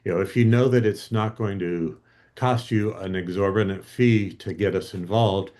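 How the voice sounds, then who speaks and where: Deep-voiced man explaining IT services. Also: moderate pace, a little mellow. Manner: plain-spoken, explanatory, with acted-out quotes. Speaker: guest IT expert. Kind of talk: explaining in an interview.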